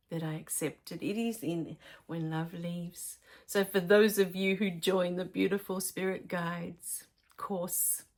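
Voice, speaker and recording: Middle-aged woman, gentle spiritual teacher, soft and emotional delivery with frequent fillers. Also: on the low side. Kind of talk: personal spiritual storytelling.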